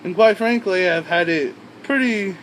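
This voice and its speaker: Rambling, profane high-voiced young man. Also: unhurried, a bit bright, a little hiss or hum, poor audio. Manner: rambling, profane, with frequent asides and restarts. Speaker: vlogger. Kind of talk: rambling casual storytelling.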